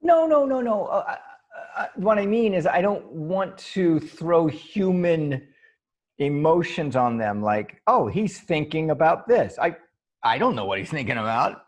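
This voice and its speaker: A man co-hosting a casual podcast chat over a video call, animated and laughing often, with frequent restarts. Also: fairly high pitch, a little slow. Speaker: podcast co-host. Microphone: video call mic.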